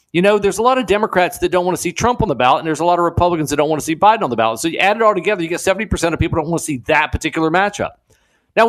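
Guy filling in as radio host, talky monologue, voice jumps up and down a lot. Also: high voice. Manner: animated, digressive, many restarts. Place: radio studio.

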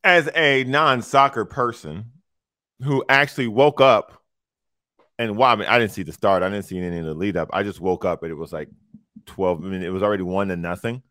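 A man's voice: fairly low pitch, brisk, pushed and bright, dry recording. A man co-hosting a sports talk radio show in a studio, wry and teasing.

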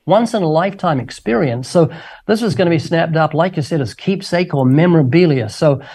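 A man's voice: fairly high pitch, animated, darkish tone, husky. An older man, a guest evangelist in a radio interview, talking with eager, jokey enthusiasm. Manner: enthusiastic, jokey, quick talker.

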